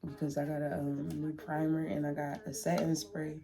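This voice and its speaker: In an emotional, casual vlog recorded in her room, a young woman talks to the camera and often repeats herself. Her deep voice is warm and level, delivered at a moderate pace.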